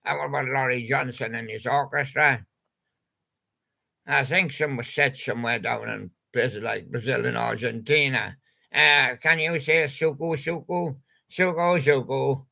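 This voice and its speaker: Older man, gravelly voice, bright, forward tone, unhurried, rambling, punning host. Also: mid-range voice. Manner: chatty, meandering, jokey wordplay. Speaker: channel host. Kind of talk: rambling casual monologue about old pop songs.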